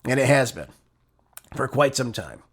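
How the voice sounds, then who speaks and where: A man's voice: mid-range voice, big pitch swings, measured pace, slightly rough. A man hosting a political show, delivering an emphatic commentary monologue full of rhetorical questions and heated asides.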